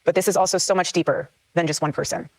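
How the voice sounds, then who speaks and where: Fast-talking earnest woman. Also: fairly low pitch, steady tone, no echo, rough recording. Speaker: town hall interviewee. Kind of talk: answering audience questions.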